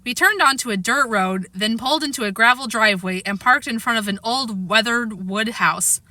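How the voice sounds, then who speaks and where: A woman narrating a children's chapter book aloud with expressive delivery. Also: fairly high pitch, no echo. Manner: lively, expressive. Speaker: audiobook reader. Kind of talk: storybook narration.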